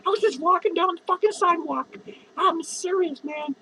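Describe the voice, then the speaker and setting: A shrill drunk clown. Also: male voice, normal speed, bright, forceful tone, a little hiss or hum, heavily acted, poor audio. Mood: drunk rambling. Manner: slurred, rambling, profane, giggling. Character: drunk, rambling, self-pitying male clown. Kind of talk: comedic character monologue.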